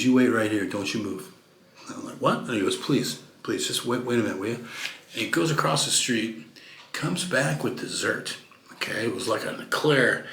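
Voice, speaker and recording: A man's voice: medium pitch, gravelly, a bit bright, roomy sound. A man from Texas telling chatty travel anecdotes to camera, with lots of fillers and restarts. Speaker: vlogger. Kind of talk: casual storytelling to camera.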